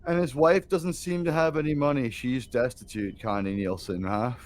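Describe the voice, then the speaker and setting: A man's voice: mid-range voice, steady tone, normal speed. A man hosting a casual reaction chat, blunt and profane, who laughs often. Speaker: host.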